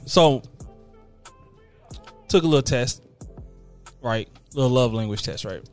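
A man's voice: medium pitch, soft background music. A young man on a podcast, chatting casually and stammering a little before getting to his point. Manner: halting, stammers then rambles. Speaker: podcast co-host. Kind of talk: casual chat.

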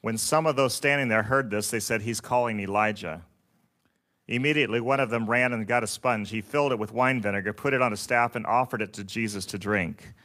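A man preaching a sermon, reading scripture in a slow, solemn and measured way. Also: fairly low pitch, sharp tone. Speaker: pastor.

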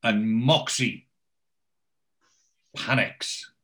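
A man's voice: medium pitch, fairly even intonation, very slow, fairly bright tone. A man hosting a podcast, recapping a TV episode in casual chat, rambling with lots of fillers. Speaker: podcast host.

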